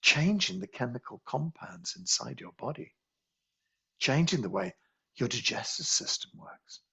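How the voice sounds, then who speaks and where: A man leads a guided qigong healing meditation, his voice gravelly and raspy yet bright and forceful in tone. He speaks in slow, soothing, repetitive phrases, sitting a little low in pitch. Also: very animated, lo-fi sound. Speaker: qigong teacher.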